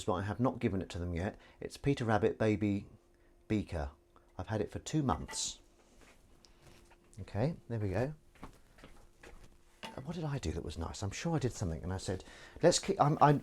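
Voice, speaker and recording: A man's voice: lowish voice, lively intonation, brisk, pauses often. A man, a comedian chatting casually on a live stream while washing up, rambling and self-deprecating as he reads out viewers' comments.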